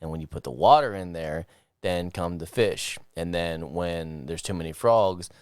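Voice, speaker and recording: A man's voice: low-pitched, moderate pace, smooth, no room sound, clean studio sound. A man co-hosting a podcast in casual chat, rambling, trailing off mid-sentence and laughing often. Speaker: podcast co-host.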